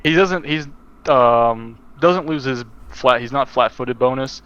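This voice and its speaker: A man's voice: medium pitch, unhurried, muffled recording, background noise. A man running a tabletop game as game master, narrating in a rambling way that keeps correcting itself.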